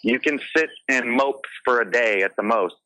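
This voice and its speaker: A man speaks with a bright, forceful tone. He tells his stories earnestly and passionately. The recording is dry and close to the mic. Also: mid-range voice, moderate pace, no echo, poor audio. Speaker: guest, realtor. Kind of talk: casual interview talk.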